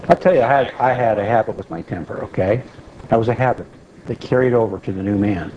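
A man's voice: medium pitch, fast talker, lo-fi sound, slight background noise. A middle-aged man teaching an informal sermon to a small group, plain-spoken, repeating key phrases and asking listeners questions.

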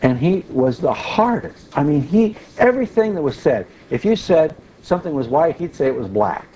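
A man's voice: on the high side, normal speed, a little hiss or hum, poor audio. Folksy man telling a teaching story. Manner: folksy, animated when retelling, restarts often. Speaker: Bible teacher.

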